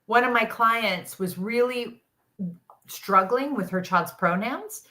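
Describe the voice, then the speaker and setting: A woman's voice: fairly high pitch, takes it slowly, pushed and bright. A woman from Canada, a guest parent coach, speaking in a casual chat with an earnest, forthright manner.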